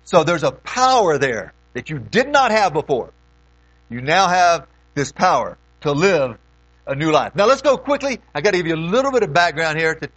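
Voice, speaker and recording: A man preaching a conversational teaching sermon as a pastor, emphatic and lively, often clearing his throat between points. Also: a little high, no room sound, rough recording.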